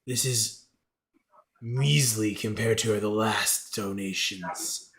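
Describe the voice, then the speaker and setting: A man's voice: fairly low pitch, steady tone, slow, a bit bright, pitched below the performer's own voice. A man voicing a haughty pincered god-creature.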